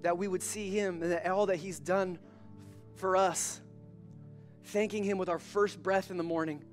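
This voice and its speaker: Male pastor, high voice, chatty and animated, joking sermon; faint music behind. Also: normal speed. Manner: animated, conversational, joking preacher. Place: church service.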